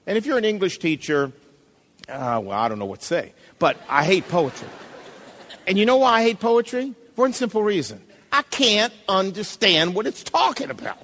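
A man's voice: sits high, big pitch swings, moderate pace, a bit bright, long reverb tail, slight background noise. A male pastor preaching a sermon, emphatic and calling out to the congregation, at times reading a poem aloud with drama.

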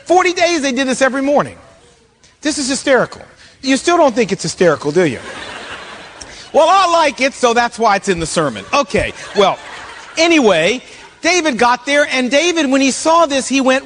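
High-voiced pastor preaching, jokey and animated. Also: male voice, normal speed. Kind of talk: sermon. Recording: long reverb of a large hall.

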